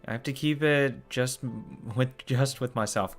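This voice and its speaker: A man hosting a let's play reads a visual novel aloud at a moderate pace, his mid-range voice fairly bright, with faint music behind. Between lines he lets out startled curses and groans.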